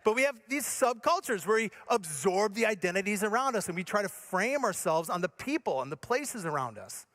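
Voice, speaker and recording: A male pastor from Michigan preaching a sermon, earnest and direct, swinging between emphatic points and soft, low passages. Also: sing-song, a little fast, hardly any pauses. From Michigan, USA.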